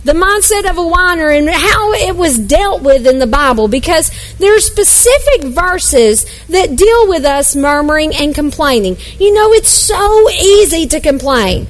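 A woman pastor preaches at a church service in a high, bright-pitched voice. She is emphatic and playful and drifts into asides with the congregation. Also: animated, measured pace, hardly any pauses, rough recording. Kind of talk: sermon.

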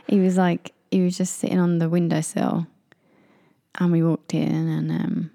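A young woman with an English accent chats away, spinning anecdotes and jumping into little voices for the people in them. Her voice sits low and gravelly, with a mellow tone, recorded dry and close. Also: level tone, normal speed, no room sound. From England. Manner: chatty storyteller, acts out quotes in raised voices. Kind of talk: casual chat.

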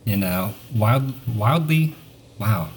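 A man with a somewhat low voice works his way through a news passage on a casual podcast. He trips over the words and laughs along the way, with a faint hiss in the background. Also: lively intonation, slow pace. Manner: stumbles over names, laughs while reading. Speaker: podcast co-host. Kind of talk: casual podcast banter, reading aloud.

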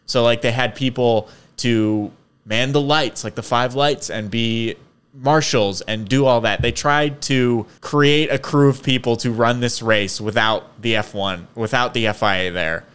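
A man talks through a long story in a relaxed podcast chat. His voice is smooth and clear, and he sits in the middle of the usual pitch range for men. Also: a little slow. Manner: explains at length, storytelling, laughs easily. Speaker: podcast co-host. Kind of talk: casual chat.

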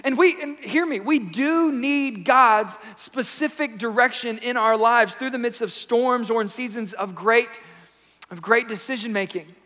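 A man in his thirties preaching a sermon in a lively, playful, conversational way. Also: very high-pitched, unhurried. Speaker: pastor. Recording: echoey church hall.

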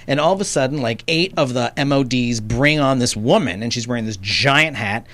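A man, a comedian, chatting casually and telling a lively story, acting out the voices of the people in it. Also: mid-range voice, normal speed, dry recording. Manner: animated storyteller, acts out quoted voices. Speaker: comedian guest. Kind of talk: casual chat.

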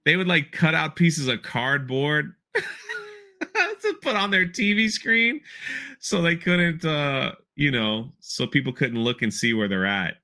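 A man hosting a podcast, chatting casually and telling animated stories, often breaking into laughter. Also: a little high, a little slow. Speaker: podcast host.

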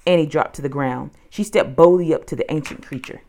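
A woman narrating a children's audiobook with an expressive storytelling delivery. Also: low voice, brisk.

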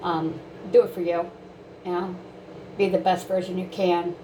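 A woman's voice: fairly low pitch, level tone, moderate pace, dark tone, slight background noise, poor audio. A woman giving blunt life advice in a rambling casual monologue, repeating herself and using lots of fillers.

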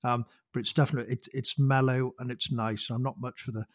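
A man's voice: medium pitch, level tone, quick pace, no echo, studio quality. A man speaking as a podcast guest in casual chat, self-deprecating, laughing often and repeating words as he goes. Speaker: guest, former gamekeeping organisation chairman.

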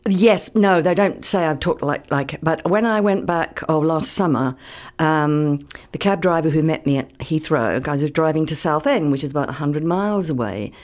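A woman's voice: sits low, moderate pace, a little mellow. An older woman from London with a London accent tinged with American, chatting as a radio guest, laughing often and telling stories with energy. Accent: London English, with some American. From England, London. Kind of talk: casual radio interview chat.

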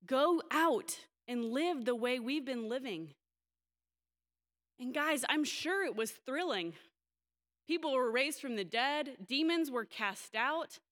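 A woman's voice: on the high side, fairly bright tone. A young adult woman pastor preaching a sermon in a candid, storytelling way, livening up when she quotes others.

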